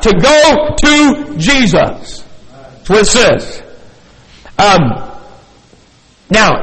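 An older male pastor with an unusually high voice preaches in an animated way, acting out the story with chuckles. His voice rings through a church hall with a long echo. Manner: animated, acts out scenes, chuckles often. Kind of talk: sermon. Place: church sanctuary.

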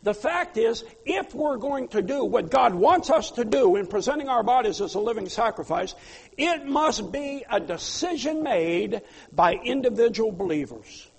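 A man preaching a sermon as a pastor, swinging between loud pleas and quiet asides. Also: very high voice, animated, moderate pace, vocal fry, slightly rough. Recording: long hall reverb.

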